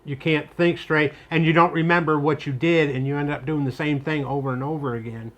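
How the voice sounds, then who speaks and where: A middle-aged man, a machine technician, calmly giving plain-spoken advice in a casual chat. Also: a little high, a little fast.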